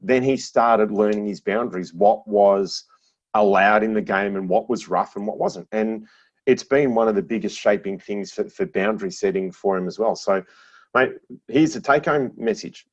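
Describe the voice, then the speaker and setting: A middle-aged man talks in a somewhat low voice, telling animated stories with easy laughs and plenty of restarts. The podcast chat sounds dull and lo-fi, as if recorded on modest gear. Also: moderate pace. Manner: animated storyteller with frequent laughs and repeated restarts. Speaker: podcast guest.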